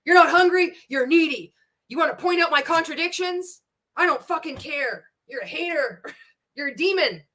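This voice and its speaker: A woman's voice: animated, moderate pace. A woman mockingly voicing an arrogant, preachy male network-marketing coach who swears and brushes off critics. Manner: mocking, swearing, loud and shrill.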